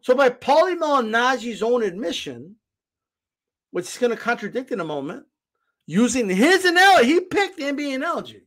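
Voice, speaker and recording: Argumentative man, lively high voice. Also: fairly quick. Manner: argumentative, keeps repeating "right?". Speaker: channel host reacting to a clip. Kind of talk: heated reaction commentary.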